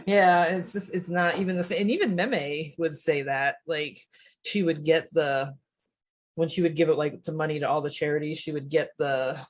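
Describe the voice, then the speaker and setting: A woman's voice: low-pitched, normal speed. A woman in her forties from Rhode Island, a podcast guest chatting casually with lots of fillers and laughter. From Rhode Island, USA. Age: 40s. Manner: rambling, filler-heavy, laughing storyteller. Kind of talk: casual chat.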